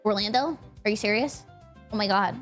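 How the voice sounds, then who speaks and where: A young woman streamer in casual, rambling chat with her viewers, giggly and excitable. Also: medium pitch, fairly quick, faint music behind. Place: home streaming setup.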